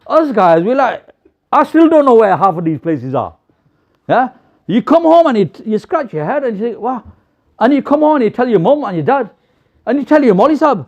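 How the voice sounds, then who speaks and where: A young man gives a storytelling sermon in a mosque, lively and animated, acting out the quotes. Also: very high-pitched, fairly quick. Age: young adult. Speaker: preacher. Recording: slightly dull lo-fi recording.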